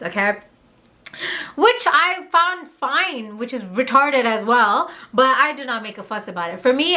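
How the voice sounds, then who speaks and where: A young woman from Montreal telling a candid, heated storytime on her vlog, swearing and rushing through asides. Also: a little high, sharp tone. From Montreal, Canada. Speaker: vlogger.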